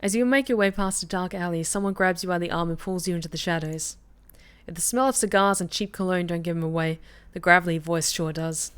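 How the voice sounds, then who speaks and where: Brief: woman streamer, slightly low voice, reads game narration aloud, chatty, quick to react out loud. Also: clear, resonant tone. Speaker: streamer playing a story game. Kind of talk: reading a game aloud to a live chat.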